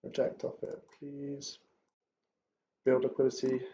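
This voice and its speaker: A young man talks to himself as he trades on a live stream, drifting between quiet muttering and chatty asides. His mid-pitched voice has a gravelly fry to it. The recording sounds dull and lo-fi. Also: monotone, slow pace, a little hiss or hum. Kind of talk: thinking aloud while trading.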